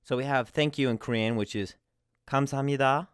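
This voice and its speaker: A man with a smooth, resonant voice teaches in a casual, friendly way. He explains step by step and gives examples as he goes. The sound is dry and close. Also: mid-range voice, fairly quick, dry recording. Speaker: language teacher.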